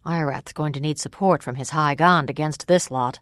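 A man's voice: fairly high pitch, normal speed, fairly bright tone, clear, resonant tone, no room sound, studio quality, lightly acted. A reader voicing an earnest grown man. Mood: explaining.

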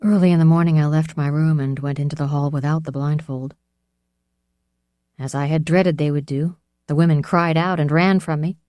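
A woman narrating an audiobook in a steady, measured storytelling manner. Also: deep voice, no echo, studio quality.

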